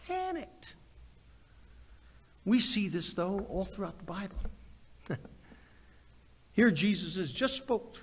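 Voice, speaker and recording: A man delivers a sermon in a high, unhurried voice. He swings from ringing emphasis to hushed, almost whispered asides. His words trail off into the long reverb of a big hall. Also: husky. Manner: animated preaching, swings from loud to hushed. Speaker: pastor.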